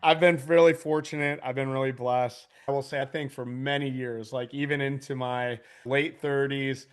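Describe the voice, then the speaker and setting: A man's voice: medium pitch, fairly even intonation, moderate pace, smooth. A man in his forties talks as a podcast guest in a loose, casual way. He tells stories with lots of animation, laughs often and swears freely. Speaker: podcast guest, business owner. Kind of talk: casual storytelling.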